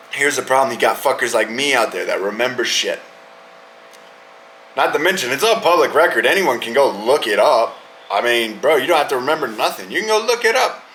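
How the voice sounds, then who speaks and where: A man's voice: mid-range voice, lively intonation, moderate pace, pauses often, sharp tone, slight background noise, rough recording. A young man hosting a podcast, ranting about fights in a heated, profane, casual way. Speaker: podcast host. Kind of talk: casual profane sports rant.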